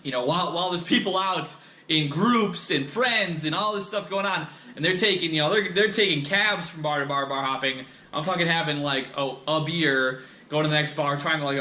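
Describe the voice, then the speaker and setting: A man's voice: fairly high pitch, normal speed, pushed and bright. A young man hosting a podcast, telling a candid personal story in a rambling, profane way full of fillers and restarts. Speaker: podcast host. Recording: echoey room.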